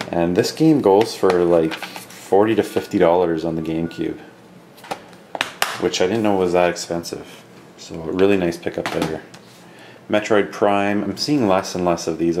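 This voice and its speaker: Deep-voiced man quietly rambling through game pickups. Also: noisy background. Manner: relaxed, rambling, many fillers; keeping his voice down. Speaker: video game collector vlogger. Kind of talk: casual show-and-tell vlog. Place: home at night.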